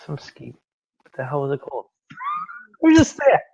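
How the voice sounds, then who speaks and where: A man's voice: fairly high pitch, huge pitch swings, a little slow, creaky, a little mellow, slightly rough, dry recording, muffled recording. A man hosting a casual podcast roundtable, chatty and rambling as he talks. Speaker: host. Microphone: video call.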